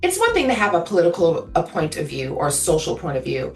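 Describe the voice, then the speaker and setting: A woman's voice: deep voice, huge pitch swings, fast talker, gravelly, echoey room, distant mic. A woman speaking as a guest actress in an interview, emphatic and outspoken, sometimes acting out voices. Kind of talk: animated interview talk.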